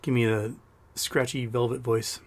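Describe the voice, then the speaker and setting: A man's voice: mid-range voice, level tone, unhurried. A man hosting a casual livestream with a slightly scratchy throat, rambling and joking as he reads out viewer questions. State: scratchy throat after illness. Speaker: livestream host.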